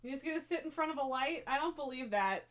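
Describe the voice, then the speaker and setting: A woman's voice: sits high, animated, quick pace, a bit bright. A woman streaming live, chatting casually and cooing and scolding her pets in baby talk. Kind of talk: casual livestream chat.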